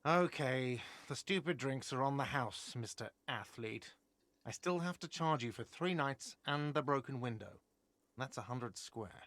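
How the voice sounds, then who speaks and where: A man's voice: medium pitch, expressive, a little slow, fairly bright tone. An actor voicing a whiny, sarcastic male hostel manager in a video game. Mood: irritable. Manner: sarcastic, irritable.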